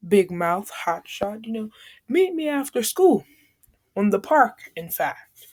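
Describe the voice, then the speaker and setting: A woman's voice: mid-range voice, sing-song, slow, darkish tone, dry recording. A woman voicing an arrogant, hot-headed teenage boy bully who sneers and threatens in a casual retelling. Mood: sneering.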